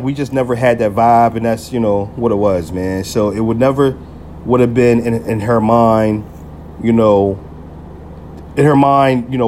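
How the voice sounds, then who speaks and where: A man's voice: mid-range voice, a little mellow, slight background noise. A man hosting a podcast, telling a personal story in a loose, profane way, full of slang and fillers like "you feel me". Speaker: podcast host. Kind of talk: casual storytelling monologue.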